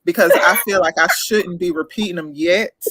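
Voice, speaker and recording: A woman in a casual panel chat who speaks in a playful, expressive way. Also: on the low side, moderate pace, no room sound.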